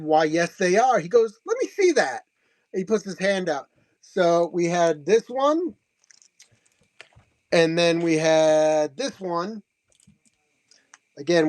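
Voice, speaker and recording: A man with a fairly high voice casually shows off signed comics and prints, chatting and laughing as he tells the story and often repeating himself. The recording has no echo, giving it the feel of a relaxed show-and-tell recap.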